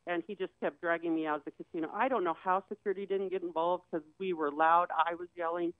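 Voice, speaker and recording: A guest shares a dramatic personal story in vivid detail, acting out the voices of the people she quotes. Her voice is fairly low, quick and fairly even in intonation. The sound is thin, tinny and boxy like a phone line, completely dry with no echo.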